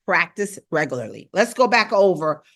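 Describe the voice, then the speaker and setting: Lady vocal coach on a live stream, chatty, keeps repeating stuff, raps drills out loud. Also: lowish voice, very animated, normal speed. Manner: encouraging, repetitive, rapping drills aloud.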